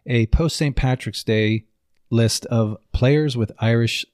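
A man's voice: mid-range voice, takes it slowly, darkish tone, dry recording, clean studio sound. A man co-hosting a podcast in easygoing, agreeable casual chat. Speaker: podcast co-host.

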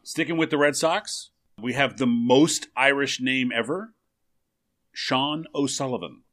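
A man's voice: medium pitch, unhurried, fairly bright tone. A man co-hosting a podcast in casual chat, joking and poking fun at himself. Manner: joking, self-mocking. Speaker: podcast co-host.

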